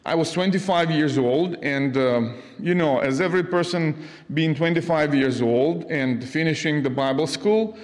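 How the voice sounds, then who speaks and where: A man in his fifties from Ukraine, speaking to an audience as a missionary, halting with many fillers and restarts, with light jokes. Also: on the high side. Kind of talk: casual talk to an audience. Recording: long hall reverb.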